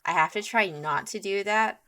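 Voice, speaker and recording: A woman's voice: mid-range voice, moderate pace, sharp tone. A young woman streamer chatting casually on a call, joking and telling rambling stories.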